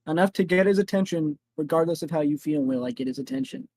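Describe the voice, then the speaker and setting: A man playing a tabletop role-playing game, talking animatedly in quick bursts. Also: a little high, sing-song, gravelly, a little mellow, no echo, rough recording. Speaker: player.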